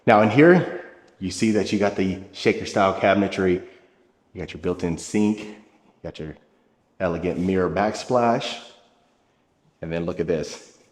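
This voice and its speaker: Man, home tour host, lowish voice, salesy and upbeat, echoey empty rooms. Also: normal speed, long pauses. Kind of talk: walkthrough home tour narration.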